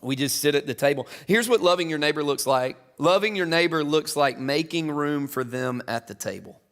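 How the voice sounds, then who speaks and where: A middle-aged man preaching a sermon in a church, chatty and casual, building to loud, emphatic peaks. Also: fairly high pitch, expressive, moderate pace. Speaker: pastor. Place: church auditorium.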